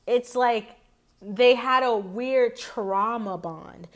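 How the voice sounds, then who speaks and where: Woman tarot reader, higher voice, rambling and chatty, talks straight to her viewers. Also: slow pace. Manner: chatty, rambling, many fillers and restarts. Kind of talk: casual tarot reading vlog.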